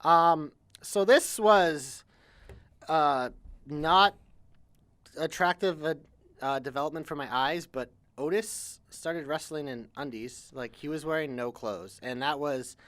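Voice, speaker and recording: Bright-voiced sarcastic podcast man. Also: a little high, slow pace. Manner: sarcastic, dismissive. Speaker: podcast co-host. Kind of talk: casual wrestling chat.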